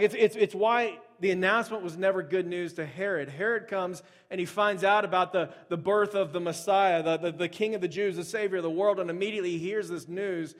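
A male pastor from the United States preaching a casual, conversational sermon, telling stories with lots of fillers and restarts. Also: sits high. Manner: storytelling, many fillers and restarts.

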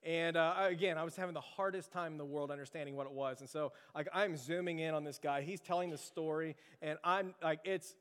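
Brief: chatty male pastor, self-deprecating storyteller, slightly high voice, long church-hall reverb. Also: steady tone, brisk, hardly any pauses, clear, resonant tone. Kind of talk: sermon with casual storytelling.

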